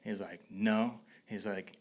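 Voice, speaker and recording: A podcast host telling a story in a laid-back way, swearing freely and laughing through it. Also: male voice, lowish voice, fairly even intonation, takes it slowly, a little mellow. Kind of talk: casual storytelling.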